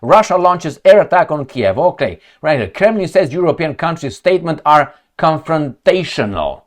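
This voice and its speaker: Sarcastic, animated male commentator. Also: fairly high pitch, normal speed. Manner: sarcastic, animated, swears, talks to viewers as friends. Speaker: political commentator. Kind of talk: casual commentary reading articles on screen.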